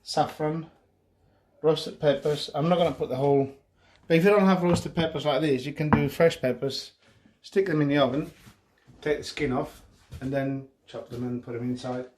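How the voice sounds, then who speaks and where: A middle-aged man from northwest Spain talks through a recipe in a loose, rambling way, tossing in fillers and little "yeah?" checks. His voice sits a little high for a man. The kitchen rings with echo, and chopping and sizzling carry clearly behind him. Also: fairly even intonation, normal speed, darkish tone. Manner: chatty, rambling, frequent fillers and tag questions. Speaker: cooking show host. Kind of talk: casual cooking demonstration. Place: home kitchen. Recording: echoey kitchen with cooking noise.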